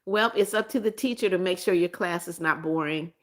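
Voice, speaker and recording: A woman's voice: lowish voice, a little fast. A woman who used to teach, hosting a casual live stream where she reads viewer comments aloud and answers them with repeated greetings and frequent restarts.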